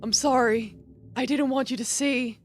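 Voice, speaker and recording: Woman putting on a soft dying huntsman. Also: sits high, moderate pace, faint music behind. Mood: tender. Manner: soft, hushed, calming. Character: kind dying young male huntsman, gentle, self-sacrificing.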